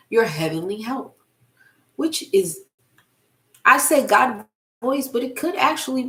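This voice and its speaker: A middle-aged woman who works as a motivational speaker and spiritual life coach gives a casual spiritual talk to camera. She speaks slowly and emphatically, repeating phrases for effect, in a medium-pitched voice that's creaky and slightly bright.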